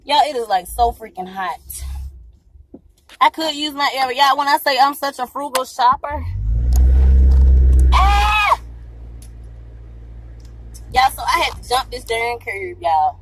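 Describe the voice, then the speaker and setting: A woman, chatting excitedly to her viewers while driving, a little out of breath and laughing often. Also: high voice, normal speed. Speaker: vlogger and mom. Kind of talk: casual vlog talk to viewers. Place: inside a car while driving. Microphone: handheld phone camera.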